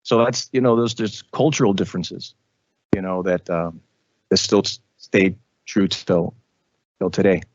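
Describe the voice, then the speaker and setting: A man, a radio host, talking as a guest in a casual interview, animated, with frequent restarts and repetitions. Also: sits low, a little slow, dry recording, lo-fi sound.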